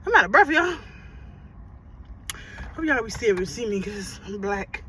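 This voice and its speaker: A woman vlogging casually to her viewers, loud and profane and laughing often, talking about being a mother. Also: mid-range voice, sing-song, moderate pace. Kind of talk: casual vlog chat. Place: outdoors and in a car. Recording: noisy background.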